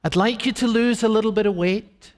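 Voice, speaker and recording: A tactless, fussy young man, as a preacher acts him out, bluntly finds fault and makes demands in a fairly high voice. A long hall reverb trails after each phrase. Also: fairly quick, lightly acted. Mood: demanding.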